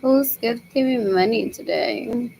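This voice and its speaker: A woman's voice: on the high side, slow, vocal fry, a little mellow, a little hiss or hum, rough recording. A young woman rambling in a solo monologue, repeating herself and muttering as if to herself.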